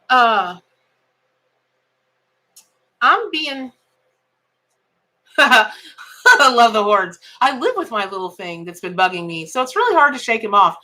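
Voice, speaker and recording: A woman's voice: sits high, sing-song, slow pace, long pauses, pushed and bright. A woman giving a live tarot reading, chatting folksily with viewers and greeting them by name. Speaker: tarot reader.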